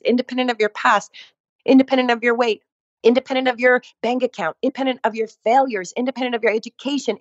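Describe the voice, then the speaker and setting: A woman's voice: a little high, no room sound. Emphatic woman telling her story, dry lo-fi sound. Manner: emphatic, repeats phrases for effect. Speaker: guest, fitness instructor. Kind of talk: storytelling in a conversation.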